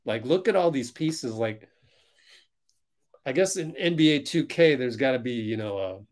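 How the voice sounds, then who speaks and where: A man hosting a fan livestream, reacting loudly to a basketball game as it plays and answering viewers in chat. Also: mid-range voice, lively intonation, moderate pace. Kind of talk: live basketball watch-along commentary.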